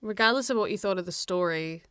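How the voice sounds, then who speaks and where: A woman co-hosting a gaming podcast, easygoing and quick to laugh. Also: medium pitch, pushed and bright, clean tone, no echo, clean studio sound. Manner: laughs often, slow and easygoing. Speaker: podcast co-host. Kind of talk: casual podcast chat.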